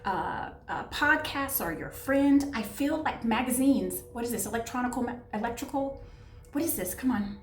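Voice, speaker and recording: A woman's voice: fairly high pitch, expressive, moderate pace, slight background noise. A woman giving a casual tarot reading, chatty and affectionate, often searching for words. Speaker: tarot reader. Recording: echoey room, voice a bit far from mic, soft music behind.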